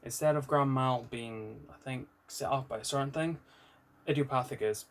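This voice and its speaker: A man's voice: medium pitch, moderate pace. A man with a British accent, talking candidly and ramblingly in an unscripted personal vlog, with some swearing. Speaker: vlogger.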